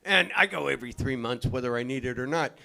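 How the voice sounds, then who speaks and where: An older man doing a stand-up comedy set in a club, loud and profane, often shouting his punchlines. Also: mid-range voice, lively intonation, quick pace, creaky. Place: comedy club stage, live audience.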